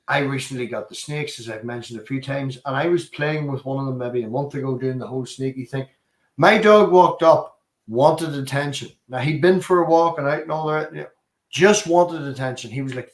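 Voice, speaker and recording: A man hosting a relaxed chat, telling lively stories full of swearing. His mid-range voice carries a roomy echo. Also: medium pitch, normal speed. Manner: sweary, animated storytelling. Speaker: podcast host. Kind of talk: casual chat.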